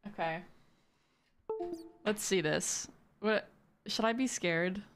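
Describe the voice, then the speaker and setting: A woman's voice: medium pitch, takes it slowly, smooth, faint music behind. A young woman streamer chatting casually with her viewers, giggly and full of "like" fillers. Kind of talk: casual live-stream chat.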